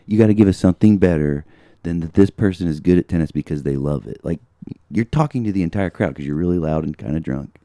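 Young american guy w a super deep mellow voice, rambly opinionated podcast take, dry close mic. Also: fast, hardly any pauses, dry recording. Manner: rambling, opinionated segment lead. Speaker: podcast co-host. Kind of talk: casual sports chat.

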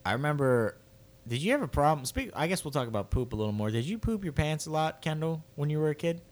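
Young male podcast co-host, slightly high voice, rambling storyteller who bursts into wailing impressions. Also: sing-song, fast talker, a little mellow. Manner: rambling storyteller, acts out childish wails. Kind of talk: casual chat.

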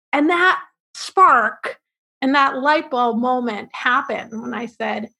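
High-voiced upbeat woman, interview guest. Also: expressive, vocal fry, pushed and bright. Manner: upbeat storytelling, quick asides and laughs. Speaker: marketing firm founder, podcast guest. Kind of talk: interview answers.

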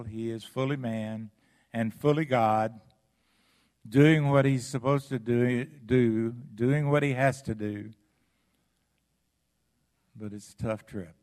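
A man preaching a sermon as pastor, with dramatic swings between loud passages and hushed ones. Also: medium pitch.

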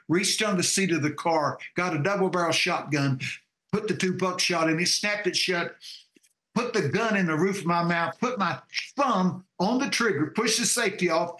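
A high-voiced man with a drawl preaches his testimony with emphatic force, stumbling into restarts as he pushes on. The room around him rings with a noticeable echo. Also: pushed and bright. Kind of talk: testimony storytelling. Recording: roomy echo.

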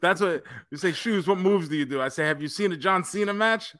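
A man's voice: high-pitched, a little fast, fairly bright tone, dry recording. A man co-hosting a podcast, telling a story in a casual chat, acting out quoted lines and laughing often. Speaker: podcast co-host.

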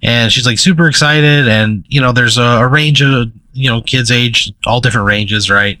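A young man with a bright, forceful voice tells a long made-up story, stumbling and filling with "like" and "you know". The sound is dry and close. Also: mid-range voice, moderate pace, no echo, low-quality recording. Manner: rambling, full of "like" and "you know". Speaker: podcast co-host. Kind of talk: improvised storytelling.

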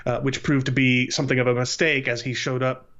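A man in his late thirties, a podcast guest, telling his life story in a casual interview in an earnest, measured way. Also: mid-range voice, level tone, a bit bright. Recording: slightly dull lo-fi audio.

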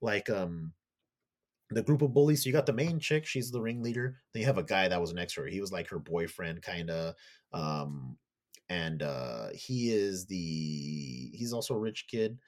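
Man, deep voice, casual podcast chat, swears a lot, rambling plot recap. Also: expressive, moderate pace. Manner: loose, profane storytelling; acts out characters' lines in a raised voice. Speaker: podcast co-host.

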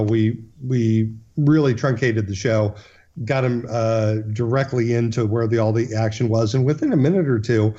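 A man's voice: mid-range voice, mellow, muffled recording. A man, a guest in an interview, telling a long story earnestly, with frequent restarts and fillers.

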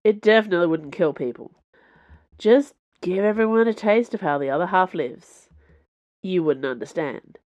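A woman's voice: fairly low pitch, expressive, moderate pace, dull audio, lightly acted. A woman voicing a tired, brooding young male mage who speaks wearily and dismissively. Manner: weary, dismissive.

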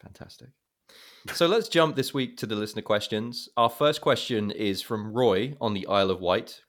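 A man's voice: lowish voice, moderate pace, fairly bright tone. A man hosting a film podcast, chatting casually and animatedly, swearing freely and poking fun at himself. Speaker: podcast host.

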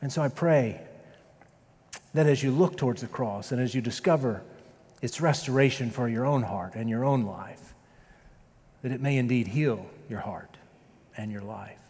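Pastor preaching in an echoing church. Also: male voice, mid-range voice. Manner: storytelling, rising loud in dramatic moments, dropping soft and slow for prayer. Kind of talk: sermon. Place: church sanctuary. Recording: long reverb of a church sanctuary.

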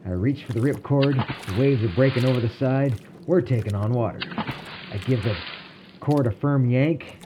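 A man narrating a personal story in a calm, wry way. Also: mid-range voice, moderate pace, background noise.

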